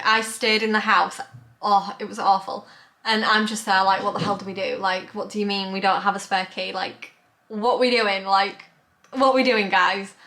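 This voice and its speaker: Girl telling a story to camera, super chatty, lots of likes, bright voice. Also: medium pitch. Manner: chatty, animated, lots of "like" and "bless her". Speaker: vlogger.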